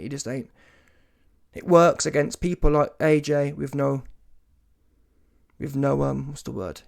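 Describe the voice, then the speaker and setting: A man's voice: fairly high pitch, gravelly. A man giving a ranting reaction commentary on a boxing match, casual and slangy, emphatic and often mocking. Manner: animated, emphatic, rises to mocking shouts; casual street slang, swears.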